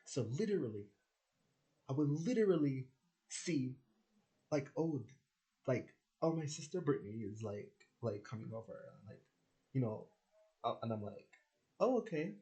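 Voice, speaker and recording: A man tells stories in a loose, rambling vlog style, dropping swear words and slipping into quoted back-and-forth. His voice sits at a middle pitch but swoops up and down a lot. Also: animated, normal speed, pauses often, dark tone. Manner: rambling and profane, with frequent fillers and voiced quotes. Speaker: spiritual vlogger. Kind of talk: casual rambling monologue.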